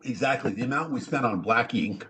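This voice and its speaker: A man's voice: mid-range voice, animated, brisk, a bit bright, a little hiss or hum. A man hosting a casual talk show, telling stories in a rambling way full of fillers and restarts. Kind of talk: casual chat, storytelling.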